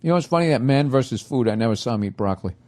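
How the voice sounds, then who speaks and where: A middle-aged man rants through a loose comedy podcast monologue, swearing freely at a medium pitch. His mouth is full as he grumbles and talks with his mouth full of food. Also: animated, racing, darkish tone. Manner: profane, ranting, talks while chewing food. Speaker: podcast host.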